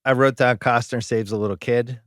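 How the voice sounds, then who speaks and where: A man hosts a loose movie podcast, trading jokes and reading review quotes with a profane edge. His voice sits at a middle pitch. The sound is dry and close, with no room around it. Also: steady tone, a little fast, fairly bright tone, dry recording. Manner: reads review quotes aloud, joking and profane. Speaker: podcast host. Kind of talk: casual movie podcast chat.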